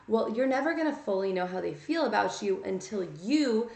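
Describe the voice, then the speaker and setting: A woman's voice: mid-range voice, lively intonation, normal speed, creaky, darkish tone. A woman giving a casual tarot reading, blunt and chatty, scolding her listeners and checking in with "okay?". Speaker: tarot reader. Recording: echoey room.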